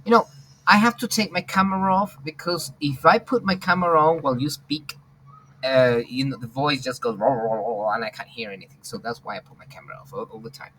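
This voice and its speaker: A man's voice: on the high side, a little fast, a bit bright, a little hiss or hum, poor audio. Hesitant male teacher on a video call. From England. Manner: hesitant, many fillers and restarts. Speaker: English teacher. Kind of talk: online class discussion. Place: home, online video call. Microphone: computer mic on video call.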